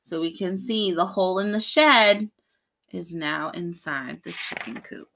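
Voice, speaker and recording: A woman's voice: lowish voice, unhurried, gravelly, slight background noise. A woman, a preschool teacher, reading a picture book aloud to children and explaining the pictures as she goes. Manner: explains the pictures between pages, animated.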